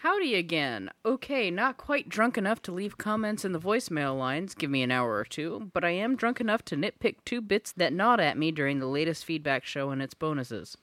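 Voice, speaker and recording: A woman's voice: on the low side, expressive, brisk, hardly any pauses, fairly bright tone, no echo. A woman co-host reading listener feedback aloud in a playful way on a podcast.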